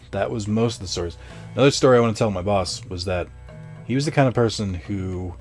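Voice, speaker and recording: A man's voice: fairly low pitch, a little mellow. Young man rambling through a story. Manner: rambling, many fillers and asides, laughs at himself; profane, sarcastic. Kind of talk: casual story time.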